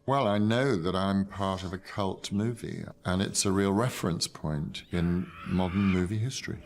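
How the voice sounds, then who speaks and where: An older man, an actor, recalling a film role in a measured, thoughtful, self-deprecating interview. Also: low-pitched. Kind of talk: reflective interview.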